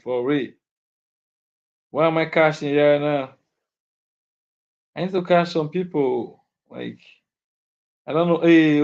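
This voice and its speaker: A man's voice: on the high side, creaky, darkish tone. Laid-back streamer man, lo-fi audio. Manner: laid-back, teasing, chuckles often, repeats himself. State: sleepy. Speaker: live streamer. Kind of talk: casual live stream chat reading comments. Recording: slightly dull lo-fi audio.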